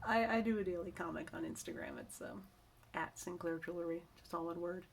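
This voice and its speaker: A woman's voice: on the low side, fairly quick, creaky, a little hiss or hum. A middle-aged woman chatting casually to camera in a vlog, rambling and self-correcting as she shares work-from-home tips. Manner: rambling, chatty, with many restarts and asides.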